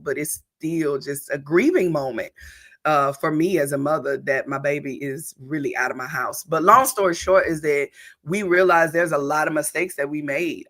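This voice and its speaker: A woman's voice: deep voice, fairly bright tone. A woman pastor co-hosting a church talk show, speaking in an emphatic, preacherly way. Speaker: pastor and co-host.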